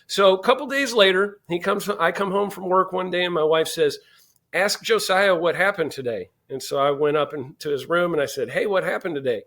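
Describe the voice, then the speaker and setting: A middle-aged man telling a family story as a podcast guest, animated and acting out the dialogue. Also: high voice, a little fast. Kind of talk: storytelling in casual interview.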